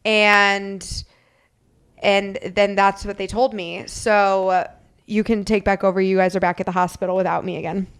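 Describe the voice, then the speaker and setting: A woman co-hosting a podcast, telling a lively story and acting out the quotes of others. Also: mid-range voice, moderate pace, clean tone. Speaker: podcast co-host. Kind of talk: casual storytelling chat.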